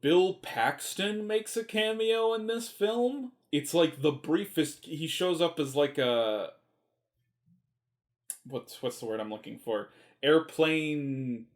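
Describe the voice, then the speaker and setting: Male movie reviewer, casual and rambling, enthusiastic, salty language. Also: mid-range voice. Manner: rambling and enthusiastic, swears freely.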